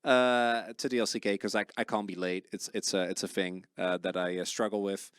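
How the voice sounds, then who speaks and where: A man casting esports, chatting casually with his co-caster and telling stories in an animated way. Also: a little fast, clean tone, no room sound, studio quality. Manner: animated storyteller, voice jumps high when excited. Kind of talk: casual chat between co-casters.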